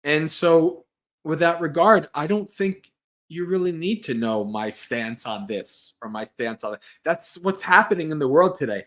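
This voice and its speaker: A man with a somewhat high voice speaks as a Buddhist monk hosting a livestream. He talks casually and earnestly, often restarting his phrases, and his delivery sounds unscripted and conversational. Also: lively intonation, unhurried, fairly bright tone. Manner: rambling and earnest, with frequent restarts and light laughs. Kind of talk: casual Dharma talk and Q&A.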